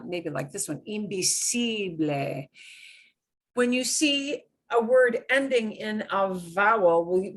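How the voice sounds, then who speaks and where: A woman with a medium-pitched, slightly bright voice teaches an online Spanish class for beginners. She patiently drills pronunciation and has students repeat words after her.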